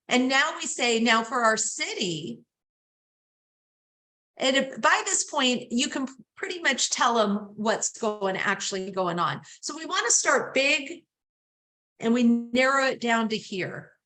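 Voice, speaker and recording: A woman's voice: fairly high pitch, lively intonation, slow, pushed and bright. A woman teaching a real estate sales class, acting out lines to say to clients and checking in with the class. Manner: coaching, acts out client scripts, asks class questions. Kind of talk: class lecture with role-played scripts.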